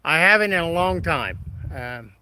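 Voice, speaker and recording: A man's voice: fairly high pitch, animated, moderate pace, bright, forceful tone, smooth, poor audio. A man hosting a casual live stream, greeting viewers by name in a folksy, friendly way. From Midwest of the United States. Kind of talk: casual live stream chat reading comments.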